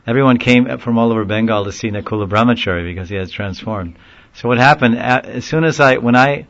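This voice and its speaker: A man telling a long story in a casual, rambling way, often laughing and getting animated when he quotes people. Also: on the low side, highs cut off. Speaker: speaker recounting a story in a class. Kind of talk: informal storytelling talk.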